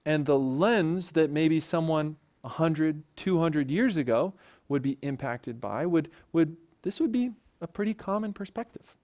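Guy with a slightly high voice teaching a church bible lesson, chatty, keeps asking "right?". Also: lively intonation, unhurried, a little mellow. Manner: conversational, often checks in with "right?".

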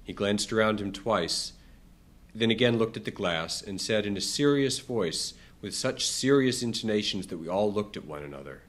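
A man with a fairly low voice reads a book passage aloud at a measured pace. He lifts his pitch for the quoted questions and lets it drop for the narration. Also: lively intonation. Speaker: reader.

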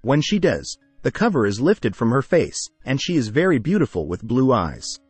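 A man narrating an anime plot recap in a steady, scripted storytelling manner. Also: medium pitch, moderate pace, slightly rough, dry recording. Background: faint music.

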